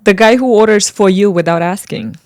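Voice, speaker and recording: A woman hosts a casual podcast, playfully teasing her guest as she reads out game prompts. Her mid-range voice is a little mellow and a little fast, captured at studio quality with no room sound.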